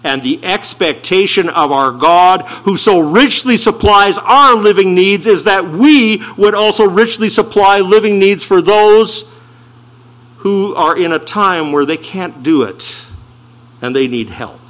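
Emphatic preacher with a bright, forceful voice. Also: male voice, sits high. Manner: emphatic preaching with slowed, stressed phrases and rhetorical questions. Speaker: pastor. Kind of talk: sermon.

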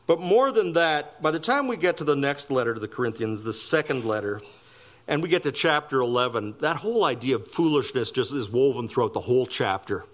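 A man's voice: lively intonation, brisk, fairly bright tone. A man preaching a sermon, emphatic with wry asides. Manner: emphatic preaching with wide swings of pitch and pace, wry asides. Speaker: pastor.

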